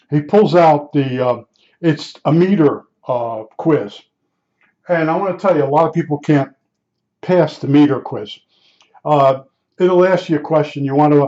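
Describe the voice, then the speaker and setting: Older guy from jersey telling a long story, kinda high voice, lots of uhs, muffled lo-fi sound. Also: mellow. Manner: rambling, conversational, many fillers and restarts. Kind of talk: casual personal anecdote. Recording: dull lo-fi recording.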